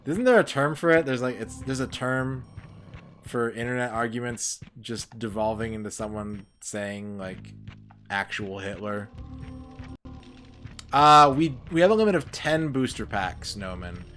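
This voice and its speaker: A man's voice: medium pitch, expressive, moderate pace, a bit bright. A young man chatting casually while he streams a game, rambling and sarcastic. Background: game music.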